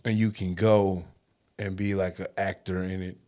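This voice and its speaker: A man co-hosting a podcast, chatting casually in laid-back slang from Houston, often trailing off quietly. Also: sits low, little pitch movement, moderate pace. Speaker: podcast co-host. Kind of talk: casual banter.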